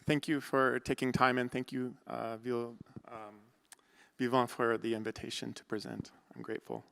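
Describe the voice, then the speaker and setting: An American architect-academic lectures to a room, his speech quick and dotted with fillers. His voice is smooth and mid-pitched. It carries a long hall reverb. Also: little pitch movement, fairly bright tone. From United States. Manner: quick, loose delivery with frequent ums and uhs. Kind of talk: conference lecture.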